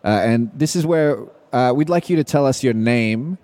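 Mellow-voiced hesitant Australian man. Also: mid-range voice, normal speed. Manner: hesitant, lots of ums and restarts. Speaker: podcast host. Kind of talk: live podcast panel chat. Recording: live show at a pen expo, audience.

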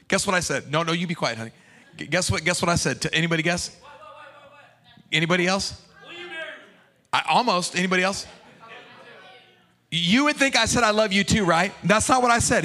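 A male pastor preaching a sermon in an animated, playful way, joking back and forth with the congregation. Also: sits high.

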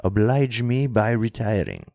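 A man's voice: lowish voice, lively intonation, unhurried, gravelly, dark tone, no echo. A man doing a cool sneering young villain. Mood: cold sneering. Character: cold sneering young male villain, spy.

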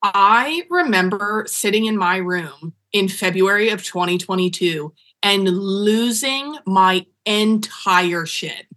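A woman co-hosting a casual book podcast, gushing and excitable as she reacts to the story. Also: medium pitch. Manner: excitable, gushing, quick bursts of enthusiasm. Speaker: podcast co-host.

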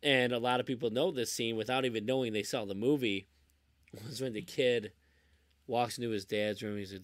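A man's voice: medium pitch, steady tone, moderate pace, no echo, clean studio sound. A man hosting a casual podcast, talking enthusiastically about movies with many restarts. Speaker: podcast host.

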